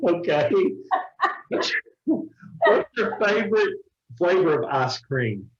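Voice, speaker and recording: A man with an Oklahoma accent interviewing a coworker with quick-fire questions, joking and laughing often. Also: high-pitched, sing-song. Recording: roomy, dull lo-fi sound.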